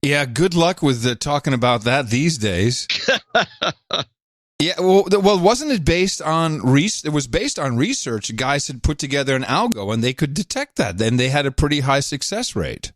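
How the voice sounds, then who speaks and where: A man co-hosting a podcast in casual chat, quick-witted and joking. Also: fairly high pitch, big pitch swings, no echo, studio quality. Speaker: podcast co-host.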